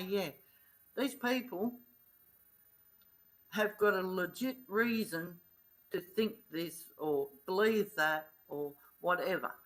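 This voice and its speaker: In a rough recording, a middle-aged woman vlogs, earnestly retelling events in blunt, casual speech. Her voice sits on the low side and has a sharp tone.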